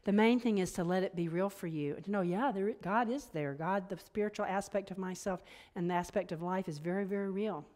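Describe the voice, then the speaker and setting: A woman's voice: mid-range voice, fairly quick, hardly any pauses, darkish tone. A woman minister preaching a conversational sermon, full of playful asides and laughing at her own jokes.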